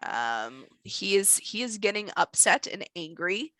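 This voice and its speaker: Bright-voiced woman running a game. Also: medium pitch, measured pace, no room sound, low-quality recording. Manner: relaxed, with many fillers and laughs. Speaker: game master. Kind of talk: narrating a tabletop role-playing game.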